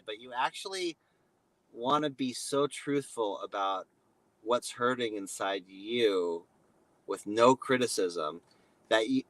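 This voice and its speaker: A man working as a relationship coach, talking as an interview guest in a slow, gentle way and acting out example phrases. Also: medium pitch, dry recording, low-quality recording.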